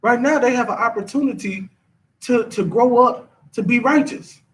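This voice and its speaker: A man's voice: extremely high pitch, moderate pace, recorded from a distance. A man, teaching a scripture class in a casual, repetitive, slangy way. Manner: conversational, repeats himself, drawling slang.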